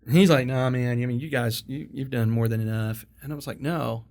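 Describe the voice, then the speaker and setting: A man hosting an interview, telling stories in a casual, animated way, laughing and swearing as he goes. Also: medium pitch, fairly quick. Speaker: podcast host.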